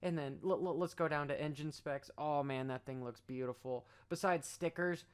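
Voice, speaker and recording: Sarcastic man with a smooth voice. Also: fairly high pitch, normal speed, no echo, studio quality. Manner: sarcastic, animated, rambling. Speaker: motocross racer and vlogger. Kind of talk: sarcastic commentary vlog.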